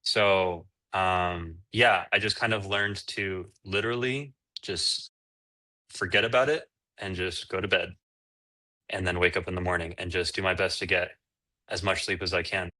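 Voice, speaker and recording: A man's voice: low voice, steady tone, normal speed, sharp tone. A man, an entrepreneur, answering interview questions in a candid, rambling casual chat. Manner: candid, rambling with fillers and restarts. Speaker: entrepreneur guest.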